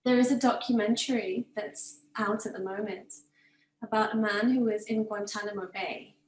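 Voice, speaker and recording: A woman on a video call casually telling a story in a steady, explanatory way. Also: medium pitch, normal speed, reverberant, slight background noise, low-quality recording.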